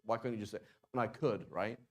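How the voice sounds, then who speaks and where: A man teaching a language class in a relaxed, chatty way, often stopping to sound out words slowly and restarting sentences. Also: fairly low pitch. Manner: casual, conversational, with many fillers and restarts. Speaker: Arabic teacher. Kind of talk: classroom lesson.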